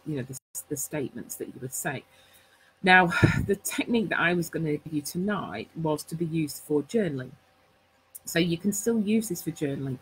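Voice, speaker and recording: A woman's voice: low-pitched, a little hiss or hum, rough recording. A woman hosting a live stream, chatty and rambling, full of fillers and self-corrections as she teaches. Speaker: host.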